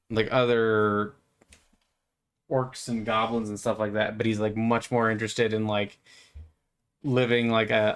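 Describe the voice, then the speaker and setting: A man's voice: mid-range voice, smooth. A man gives rambling gameplay commentary while playing, talking in a playful, meandering way with stammers and lots of fillers. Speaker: gamer.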